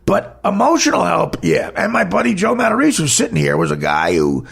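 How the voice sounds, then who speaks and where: Gravelly high-voiced man telling a blunt story. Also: huge pitch swings, a little fast, fairly bright tone. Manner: blunt and profane, rambling. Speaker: podcast host. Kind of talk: candid personal storytelling.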